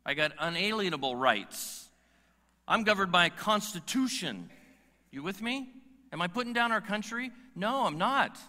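Emphatic preacher in a reverberant hall. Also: male voice, a little high, pushed and bright. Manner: emphatic, rhetorical questions, drawn-out stressed words. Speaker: pastor. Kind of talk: sermon. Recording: long reverb of a large hall.

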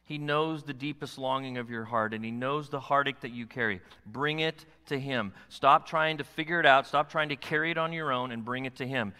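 A male pastor delivers a sermon in a bright, forceful voice. He moves between hushed, intimate passages and loud, pressing exhortation. The sound carries a long reverb from a large church sanctuary. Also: mid-range voice, a little fast, hardly any pauses, clear, resonant tone.

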